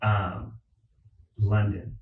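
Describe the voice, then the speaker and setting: A man from Philadelphia, a podcast guest, talking in a relaxed, casual storytelling way with plenty of filler words. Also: on the low side, very slow, narrow, tinny audio. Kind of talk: casual conversation. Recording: roomy sound from a distance.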